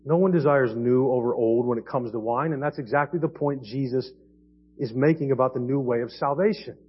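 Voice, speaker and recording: A man preaching a sermon as pastor, earnest, swinging between quiet and emphatic passages. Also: mid-range voice, fairly quick, slightly rough. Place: church sanctuary. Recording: dull lo-fi church audio.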